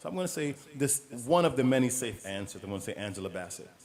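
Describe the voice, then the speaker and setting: A man from New York talking as an interview guest, relaxed and storytelling, often laughing. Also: medium pitch, fast talker. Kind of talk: casual interview conversation.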